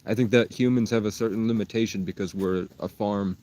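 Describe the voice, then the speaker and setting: A man's voice: fairly low pitch, steady tone, brisk, mellow. A man from Vermont, rambling on a live stream and jumping between wild claims. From Vermont, USA. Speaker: livestreamer.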